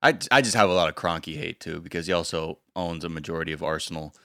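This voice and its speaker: A man's voice: sits low, fast talker, a bit bright. A man co-hosting a podcast, chatting casually, rambling with lots of "like" and swearing freely. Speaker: podcast co-host. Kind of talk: casual chat.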